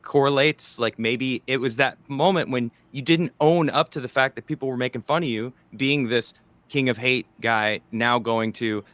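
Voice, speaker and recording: Bright-toned male interviewer, dry close sound. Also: mid-range voice, moderate pace, no room sound. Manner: pointed, pushes back with repeated restarts. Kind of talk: probing interview questions.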